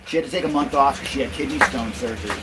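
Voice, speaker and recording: A man's voice: mid-range voice, rapid-fire. A man running a casual livestream from a van while exercising a dog, explaining things plainly to viewers and cooing praise to the dog in between. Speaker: dog exercise business owner. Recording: distant mic with loud background noise.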